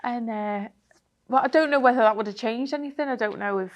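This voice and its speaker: A woman, a triathlete guest telling a race story in a chatty, animated way full of fillers. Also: on the high side, a little fast. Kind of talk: casual interview storytelling.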